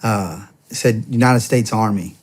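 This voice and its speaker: A man's voice: on the low side, a little slow. Man in his thirties telling stories. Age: 30s. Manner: animated, acts out quoted dialogue. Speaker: podcast guest. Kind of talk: casual storytelling.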